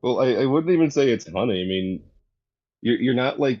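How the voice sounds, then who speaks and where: A man's voice: mid-range voice, expressive, moderate pace, darkish tone. A man in casual chat on a commentary stream who often stops, restarts and searches for his words. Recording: dull lo-fi sound with faint music.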